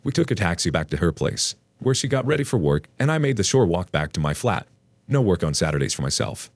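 A man narrating a forum relationship story aloud in a wry, animated storytelling manner. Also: deep voice, dry recording. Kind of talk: scripted narration of a forum post.

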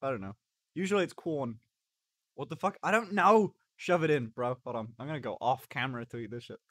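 A man's voice: mid-range voice, animated, brisk, fairly bright tone, dry recording, clean studio sound. A man streaming live in casual chat, joking, swearing and eating on camera. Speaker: livestreamer.

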